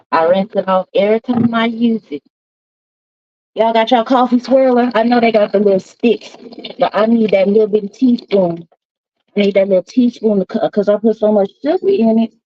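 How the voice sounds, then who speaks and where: A woman's voice: medium pitch, normal speed, long pauses, dry recording. A woman hosting a live stream, rambling casually with folksy asides. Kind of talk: casual morning chat. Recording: dry, slightly dull stream audio.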